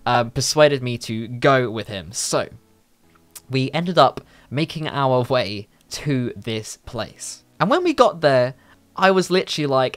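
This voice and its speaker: A young man from telling a story in a casual vlog, animated and full of swearing. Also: medium pitch. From London. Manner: animated, heavy swearing, quick asides. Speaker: YouTuber.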